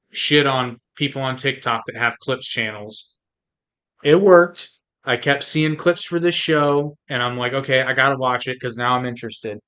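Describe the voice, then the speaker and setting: A man's voice: medium pitch, bright, forceful tone. A man co-hosting a podcast, chatting easily and joking. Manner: easygoing, joking, recommends shows. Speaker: podcast co-host. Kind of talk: casual chat.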